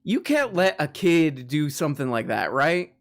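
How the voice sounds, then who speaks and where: A man's voice: a little high, big pitch swings, moderate pace. A male host with a slightly raised voice talks loosely and teasingly on a casual live show. He circles his points with fillers and restarts before landing them, keeping the chat playful.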